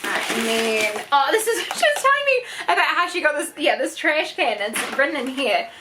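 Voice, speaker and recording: A young New Zealand woman unboxing a gift box in a vlog, gushing and excitable, gasping and squealing over each item. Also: sits high, moderate pace, noisy background. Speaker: YouTuber.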